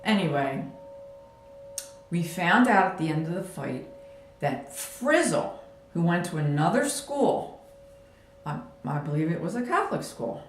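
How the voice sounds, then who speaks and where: Woman telling an old family story, slow and dramatic, acts it out, roomy echo. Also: on the low side, faint music behind. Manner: animated, vivid retelling with sound effects. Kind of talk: personal storytelling vlog.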